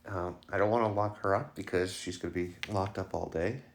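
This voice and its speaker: At home, a dog owner vlogs in a loose, chatty way, joking as he goes and cooing baby talk at his puppy. His voice is low and gravelly, his tone steady and his pace a little fast.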